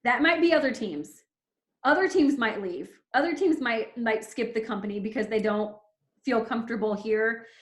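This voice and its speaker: A woman's voice: fairly high pitch, normal speed, reverberant. A woman in her thirties leading a team call, giving an emphatic, fervent motivational pep talk. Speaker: team leader.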